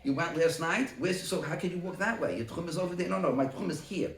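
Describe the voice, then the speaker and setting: A man leading a Talmud study group who talks through a case by acting out both sides in quick exchanges. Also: fairly high pitch. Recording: roomy, from a distance.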